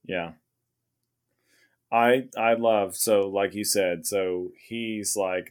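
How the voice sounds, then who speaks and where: A man co-hosting a casual comic book review podcast, relaxed and agreeable, often giving short replies and laughing. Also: on the low side, slow, long pauses. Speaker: podcast co-host.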